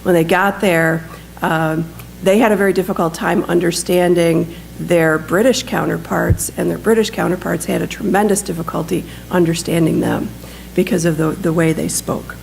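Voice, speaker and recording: A woman's voice: fairly low pitch, steady tone, moderate pace, vocal fry, slight background noise, poor audio. A woman presenting a book at a library talk, reading passages aloud and adding casual remarks with frequent ums. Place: library event room.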